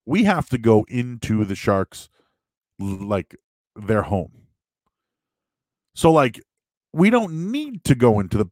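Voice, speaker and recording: A man riffing loosely with his viewers, voice leaping up high when he gets worked up, then dropping right back down. The sound is dry and close, with no room around it. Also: no echo. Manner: animated, joking, restarts a lot. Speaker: live-stream host answering chat questions. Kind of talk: casual rambling chat.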